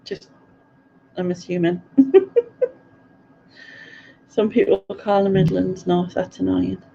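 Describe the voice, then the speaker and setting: Chatty Sunderland woman with gravelly voice. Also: on the low side, flat delivery, slow, warm tone, muffled recording, a little hiss or hum. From North East England. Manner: rambling, giggly, chatty. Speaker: live stream host. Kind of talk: casual chat reading viewer comments.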